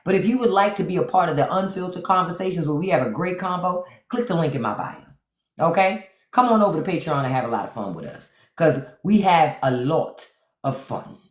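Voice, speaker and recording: A woman's voice: fairly low pitch, lively intonation, fairly quick. A woman hosting a livestream with sassy, playful comedic commentary that repeats lines for effect. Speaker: livestream host. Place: indoors, phone livestream. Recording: roomy echo.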